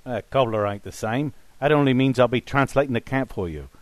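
A man voicing a menacing male grave-robber leader who talks in rough thieves' slang. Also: medium pitch, fairly quick, dry recording, pitched above the performer's own voice, close to an everyday voice. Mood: sly.

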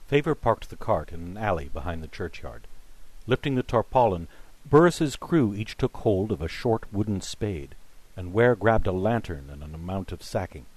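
A man reading a story aloud in steady, measured scripted narration. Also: low-pitched. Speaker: audiobook narrator.

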